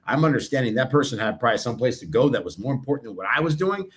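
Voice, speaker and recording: A man co-hosting a podcast, telling stories with high energy and acting out what other people said. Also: lively intonation, rapid-fire, hardly any pauses. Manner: high-energy storytelling, acts out others' lines. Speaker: podcast co-host. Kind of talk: casual podcast chat.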